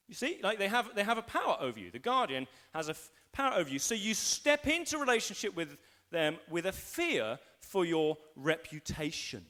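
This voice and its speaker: Male pastor, live sermon, animated delivery with voiced inner thoughts, bright high register. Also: brisk, few pauses. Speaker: senior pastor. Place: school hall used for a church service.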